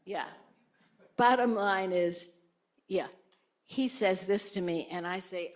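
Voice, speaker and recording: Older woman, ex-senator on stage, chatty storyteller who acts out quotes with big pitch jumps. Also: slow pace. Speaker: former senator speaking at a lecture.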